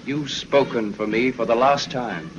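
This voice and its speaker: A man's voice: medium pitch, unhurried, muffled recording, close to an everyday voice. An actor playing a passionate, jealous young man who talks in an impassioned way, in 1930s film acting on an old soundtrack with music. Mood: defiant. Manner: impassioned, swings between pleading and rage.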